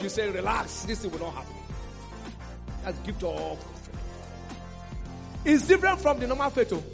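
A man preaching a sermon as pastor, animated, breaking into shouts and laughter. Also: sits high, vocal fry. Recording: reverberant hall with faint music.

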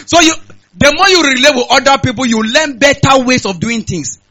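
Nigerian male pastor, high bright voice, works the crowd with repeated questions. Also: brisk, rough recording. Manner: call-and-response preaching, repeating lines and asking the audience. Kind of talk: sermon. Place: church hall, on stage.

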